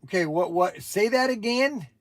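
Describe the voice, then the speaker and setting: A man chats his way through a casual livestream, rambling and often restarting his sentences. His voice sits a little on the high side for a man. The sound is dry, with no room echo. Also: lively intonation, moderate pace. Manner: chatty and rambling, with many restarts. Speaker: livestream host.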